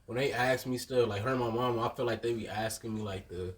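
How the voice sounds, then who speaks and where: A man's voice: medium pitch, brisk. A man chatting as a podcast guest, rambling and hesitant with many fillers. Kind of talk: casual chat.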